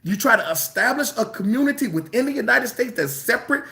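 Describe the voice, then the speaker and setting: A man preaching a sermon in an emphatic, colloquial way, repeating phrases for stress and drawing some words out slowly. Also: very high voice, big pitch swings, vocal fry, pushed and bright.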